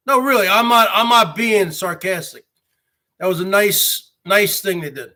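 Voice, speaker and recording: Brash stream host, from New Jersey, boastful and rambling, bright high voice. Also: male voice, moderate pace. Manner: boastful, repeats "folks" and "bottom line"; greets viewers by name. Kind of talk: boastful rambling live chat.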